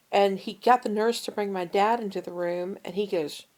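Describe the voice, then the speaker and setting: In casual podcast chat, a woman co-host relates a personal anecdote, acting out the voices of those she quotes with animation. Her mid-range voice moves fairly quickly, with few pauses.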